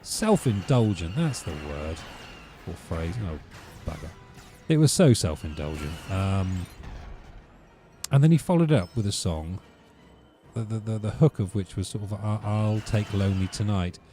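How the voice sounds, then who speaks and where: A man's voice: low-pitched, big pitch swings, measured pace, long pauses, dark tone, soft background music. A man hosting a let's play, rambling through wry, ranting commentary while he plays.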